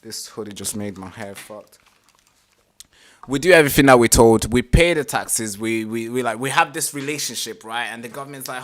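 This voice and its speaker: A man hosting a live reaction stream, talking casually, animated and exasperated, swearing freely. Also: mid-range voice, normal speed.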